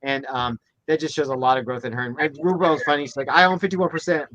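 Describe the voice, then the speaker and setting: A man's voice: fast, no echo, muffled recording. A man co-hosting a casual chat show, talking animatedly and acting out quotes with frequent restarts. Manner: animated, acts out quotes in high voices, many restarts. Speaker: podcast co-host.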